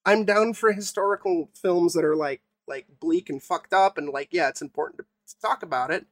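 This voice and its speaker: A young man co-hosting a podcast, ranting with swearing and halting restarts. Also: sits high, no room sound. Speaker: podcast co-host. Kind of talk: casual podcast chat.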